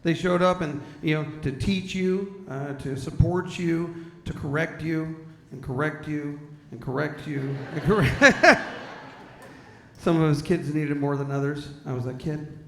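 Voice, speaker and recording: High-voiced stand-up comedian in echoey hall. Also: male voice, measured pace, a bit bright, slight background noise. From San Diego, California. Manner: conversational, self-deprecating storytelling with character voices. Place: large hall with audience.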